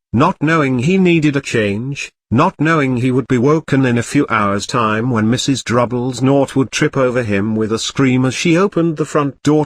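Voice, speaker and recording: A man narrating a comic parody storybook in an even, plain reading. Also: mid-range voice, no room sound.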